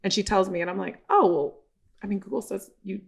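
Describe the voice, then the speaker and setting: A woman guest on a podcast, telling a story in a lively, casual way and acting out the voices of the people in it. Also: medium pitch, a little fast, gravelly, slightly rough. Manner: animated storyteller acting out quoted dialogue; swears casually, laughs while telling.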